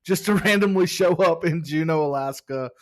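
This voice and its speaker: A man's voice: fairly high pitch, normal speed. A man co-hosting a podcast in casual chat, upbeat and joking while reading out listener reviews. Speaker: podcast co-host.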